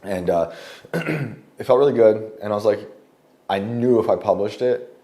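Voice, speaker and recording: A man guest telling a story in casual conversation at a home lunch table, rambling with many fillers and often clearing his throat. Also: lowish voice, expressive, a little slow, warm tone. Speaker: guest journalist.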